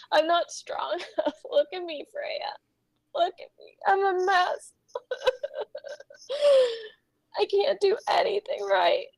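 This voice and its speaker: A broken, drunken bearded man sobs and begs for forgiveness, as a woman acts him out. His voice cracks and wavers between whispers and cries, pitched high and drawn out slowly. The sound is close and dry. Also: sing-song, gravelly, a bit bright, dry recording, heavily acted. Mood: pleading despair. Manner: sobbing, pleading, voice breaking.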